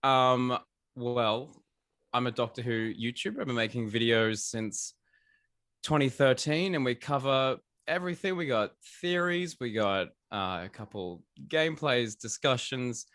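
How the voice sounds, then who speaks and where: Bright-voiced Australian man. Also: medium pitch, a little slow, dry recording, clean studio sound. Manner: laid-back, self-deprecating. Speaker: YouTuber guest. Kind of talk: casual interview chat.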